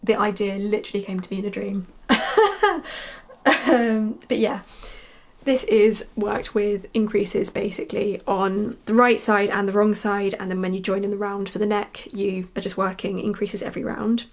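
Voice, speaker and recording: A woman's voice: medium pitch, steady tone, normal speed. A young woman, chatty and rambling, talking casually about her knitting projects with frequent ums and restarts. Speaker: knitwear designer podcaster.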